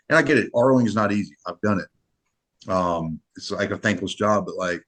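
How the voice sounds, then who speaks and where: A middle-aged man with a very low, deep voice, chatting in a relaxed podcast conversation. He talks earnestly and loosely, often circling back and restarting his sentences. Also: moderate pace. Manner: earnest, rambling, many restarts. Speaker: match director. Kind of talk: casual podcast chat.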